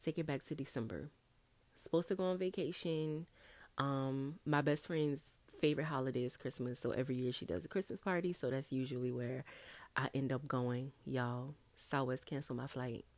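A young woman hosting a casual solo podcast, chatty and animated, talking straight to her listeners. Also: a bass voice, moderate pace, dry recording. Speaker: podcast host.

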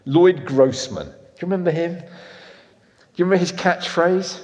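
Animated preacher in an echoey hall. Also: male voice, medium pitch, brisk. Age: 50s. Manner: animated, swinging from loud emphatic to soft and intimate. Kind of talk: sermon.

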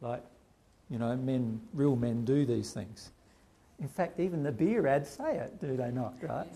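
A man's voice: mid-range voice, measured pace, warm tone, slightly rough. A man giving a conversational spiritual talk to a group, often putting rhetorical questions to his listeners. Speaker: spiritual teacher.

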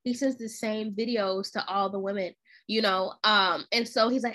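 A young woman co-hosting a podcast, retelling a story in animated, slangy casual chat. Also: mid-range voice, moderate pace. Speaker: podcast co-host.

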